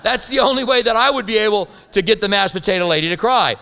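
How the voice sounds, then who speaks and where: A man's voice: sits high, lively intonation, quick pace, pushed and bright. A man preaching a sermon as a pastor, telling stories with humorous asides. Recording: long hall reverb.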